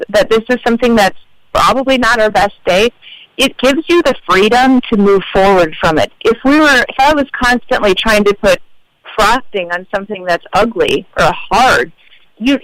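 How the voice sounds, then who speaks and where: A woman in her forties speaks as a guest on a radio talk show, earnest and reflective as she tells a personal story. Her voice sits at a middling pitch, and the sound is close and dry, with no room around it. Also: dry recording, poor audio. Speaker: guest author. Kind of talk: radio interview.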